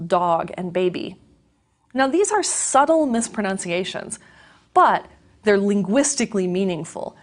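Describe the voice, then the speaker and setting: A woman giving a scripted educational lecture, explaining in a clear, measured way. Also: mid-range voice.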